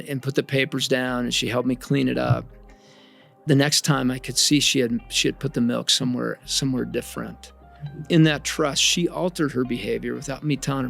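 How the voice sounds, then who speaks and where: A man's voice: mid-range voice, creaky. A man telling personal parenting stories in an earnest, reflective way, often restarting phrases and laughing a little at himself. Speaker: father sharing a parenting lesson. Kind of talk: personal storytelling to camera.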